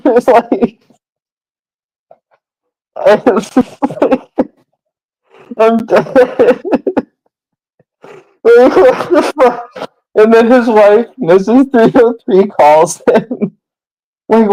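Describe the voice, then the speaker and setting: A man's voice: high voice, very slow, pauses often, dark tone, poor audio. Giggling, rambling man streamer. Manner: laughs constantly while talking; rambling, heavy use of "like". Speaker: live streamer. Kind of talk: casual live-stream storytelling.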